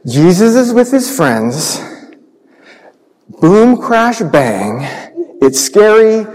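A man gives a children's sermon in a high, slow voice. He tells the story in an animated way and acts out the sound effects. His voice rings with the long reverb of a church. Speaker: pastor. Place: church sanctuary.

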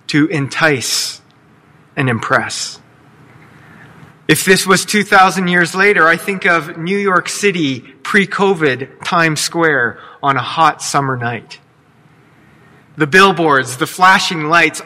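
A man with a high, very bright voice preaches a sermon, slow and measured, telling the story expressively with playful asides. His voice rings out through a long hall reverb, as in a large church sanctuary. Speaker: pastor.

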